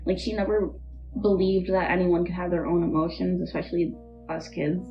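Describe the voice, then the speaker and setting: A young woman as an interview guest, telling a painful personal story in a halting way, full of "like" and "um". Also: fairly low pitch, flat delivery. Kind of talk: emotional personal testimony. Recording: dull, muffled recording with faint music.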